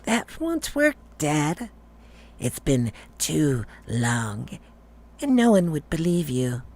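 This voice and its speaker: A man voicing a gravelly demonic changeling boy. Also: on the high side, very animated, darkish tone, heavily acted. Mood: menacing. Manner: slow, taunting drawl. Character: menacing demonic changeling boy, fairy in disguise.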